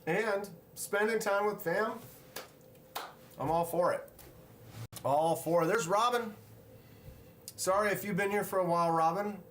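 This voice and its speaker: A man's voice: high voice, unhurried, pauses often, fairly bright tone, a little hiss or hum. A man hosting a casual livestream, reading viewer comments aloud and greeting people in the chat. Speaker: livestream host. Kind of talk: casual live-stream chat. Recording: roomy, echoey room sound.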